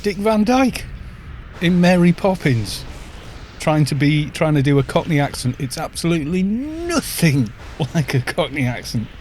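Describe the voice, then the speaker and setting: A man's voice: fairly high pitch, sing-song, normal speed, darkish tone, a little hiss or hum. A middle-aged man from North Wales with a Welsh accent, chatting casually and joking with viewers while live-streaming a game. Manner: chatty, joking, reads chat aloud.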